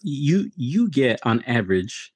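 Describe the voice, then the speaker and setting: A man's voice: medium pitch, sing-song, takes it slowly, darkish tone, breathy edge. A middle-aged man co-hosting a casual chat, teasing his friend and laughing often. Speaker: podcast co-host.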